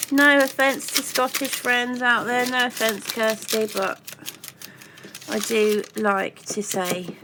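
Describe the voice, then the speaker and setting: A woman's voice: a little high, noisy background. A chatty woman, baking in her home kitchen and talking playfully as she goes, tossing in silly made-up words. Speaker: baking vlogger. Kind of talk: casual chat while baking.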